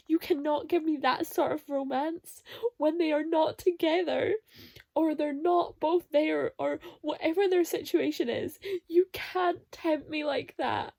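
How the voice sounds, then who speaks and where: High gravelly-voiced woman vlogger. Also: fairly even intonation, measured pace, darkish tone, no echo. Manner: emotional, exclamatory reactions. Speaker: book vlogger. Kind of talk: casual reading vlog.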